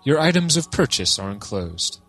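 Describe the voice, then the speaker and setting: A man voicing a solemn but good-humored monk with a calm, measured delivery while reading a storybook aloud. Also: medium pitch, husky, faint music behind.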